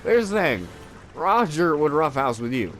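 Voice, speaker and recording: On the high side and a little slow, this young man speaks over faint background music. He's a gaming video co-host who tells stories casually while playing, swearing a lot, rambling, and pitching his voice up for quotes.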